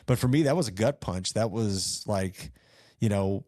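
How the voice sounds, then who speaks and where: A middle-aged man from rural northeast Missouri speaks in a fairly low voice, telling his founding story in earnest, rambling fashion with many fillers and restarts. The sound is dry and close, with little room to it. He talks casually, as a guest on a podcast. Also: moderate pace, mellow, no room sound.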